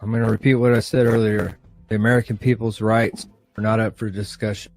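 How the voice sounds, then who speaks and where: A man's voice: lowish voice, flat delivery, a little fast, soft background music. A man, a guest on a live stream, standing firm in a heated debate and insisting on finishing his point. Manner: firm, insistent, talks over interruptions.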